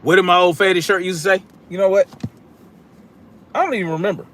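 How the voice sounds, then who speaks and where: A combative man running a political live stream and reading his chat aloud. He talks bluntly in casual slang and projects his voice. His voice sits a little higher than most men's. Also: fairly even intonation, brisk, fairly bright tone, slight background noise. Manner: casual slang, repeats catchphrases.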